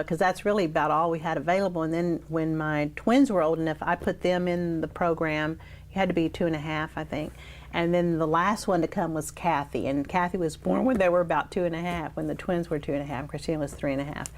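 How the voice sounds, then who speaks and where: Older woman, lowish voice, reminiscing in an interview, animated, acts out quoted people, faint hiss. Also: brisk. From South Texas. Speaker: oral history interviewee. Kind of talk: reminiscing storytelling.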